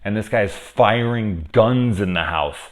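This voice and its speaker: A low-voiced man talks through a horror episode in a loose, rambling way at home, close to his camera. He swears freely and slips into the characters' lines as he retells scenes. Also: measured pace. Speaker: horror TV reviewer. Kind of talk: casual spoken episode review. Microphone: camera mic very close.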